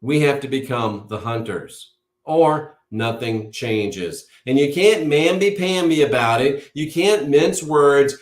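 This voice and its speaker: A man's voice: on the high side, unhurried, fairly bright tone. An emphatic, preachy man in an echoey room. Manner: emphatic, with insistent repetition; preachy, declaring things as certain. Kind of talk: impassioned monologue to a live audience. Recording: roomy echo.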